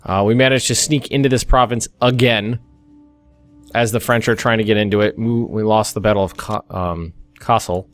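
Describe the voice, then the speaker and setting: In a casual let's play of a strategy game, a young American man talks through his thinking, frequently restarting and adding asides. His voice is lowish with fairly even intonation and a moderate pace. There's no room sound, though faint music can be heard behind.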